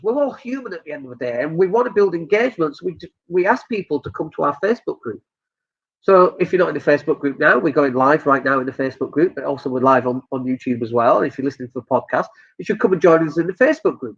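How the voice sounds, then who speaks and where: Northern english guy ranting blunt business tips, high husky voice, dull lo-fi sound. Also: fast talker. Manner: blunt, joking, animated. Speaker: business coach. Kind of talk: live-streamed advice talk.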